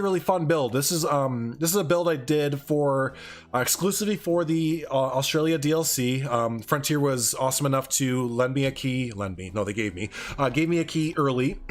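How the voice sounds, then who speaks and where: A man casually streaming a zoo-building game, chatting loosely and answering viewer chat as he goes. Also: medium pitch. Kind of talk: casual live-stream commentary.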